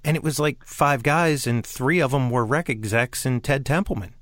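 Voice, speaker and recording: A man's voice: mid-range voice, moderate pace, a bit bright, no room sound, clean studio sound. A man hosting a podcast, chatting casually and animatedly with frequent laughs. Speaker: podcast host. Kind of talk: casual interview chat.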